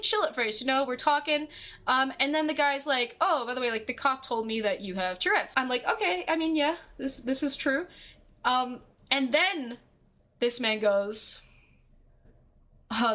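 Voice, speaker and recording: Animated, foul-mouthed young woman storyteller. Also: high-pitched, moderate pace. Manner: animated, swears constantly, acts out quotes. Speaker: streamer telling a story. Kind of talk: casual storytelling to stream chat.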